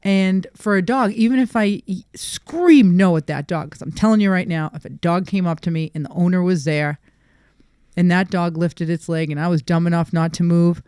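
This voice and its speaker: Woman dog trainer, podcast co-host, animated storyteller; smooth, resonant, close and dry sound. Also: fairly low pitch, normal speed, dry recording. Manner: animated storyteller who acts out quoted people. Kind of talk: casual podcast chat.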